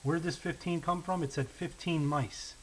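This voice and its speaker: A man teaching a math lesson, walking through word problems step by step, often checking in with "okay?" and slowing down on the key numbers. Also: a little high, fairly even intonation, poor audio. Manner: patient, checks in with frequent "okay?" and "right?"; thinks aloud while writing, slows down on key numbers. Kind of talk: recorded lesson walkthrough. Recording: faint hiss.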